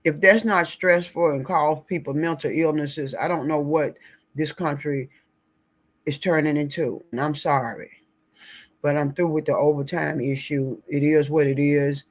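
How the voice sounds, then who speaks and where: A woman's voice: low voice, steady tone, a little slow. A woman giving blunt, indignant, folksy political commentary in a casual talk. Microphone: screen-share recording.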